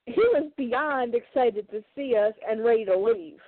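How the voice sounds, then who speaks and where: A woman's voice: a little high, normal speed, no room sound. A woman co-hosting a casual chat who laughs often and teases. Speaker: co-host. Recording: tinny phone-like sound.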